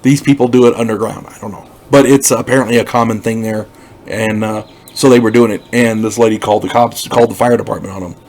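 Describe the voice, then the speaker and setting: A man's voice: on the low side, fairly even intonation, quick pace, a little mellow, rough recording. An older man giving a casual, opinionated review of a TV series, talking bluntly and rambling with lots of restarts. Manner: rambling, with frequent restarts and repeated words; emphatic, blunt.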